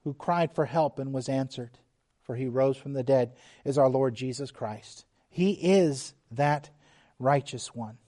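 A middle-aged man preaching a sermon, slow and emphatic, dropping suddenly to quiet, hushed lines. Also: mid-range voice. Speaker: pastor.

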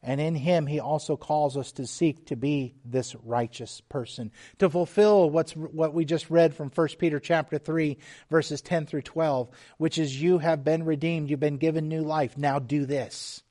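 A middle-aged man preaching a sermon, slow and emphatic, dropping suddenly to quiet, hushed lines. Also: fairly high pitch. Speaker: pastor.

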